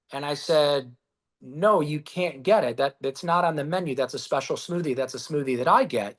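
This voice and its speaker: A man being interviewed as a guest, telling stories in a lively, casual way, acting out quotes and swearing freely. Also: a little high, normal speed. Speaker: guest, business founder. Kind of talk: storytelling in a podcast interview.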